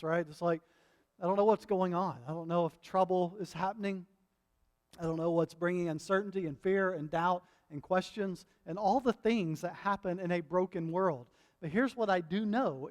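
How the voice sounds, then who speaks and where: A middle-aged man preaching a sermon as pastor, impassioned and building to loud repeated refrains, often checking in with the congregation. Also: sits high, fairly even intonation, moderate pace. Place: church sanctuary. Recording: long hall reverb.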